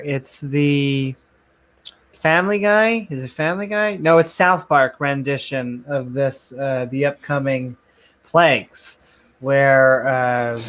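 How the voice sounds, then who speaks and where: A podcast co-host with a mid-range voice tells stories animatedly during a casual chat, laughing often.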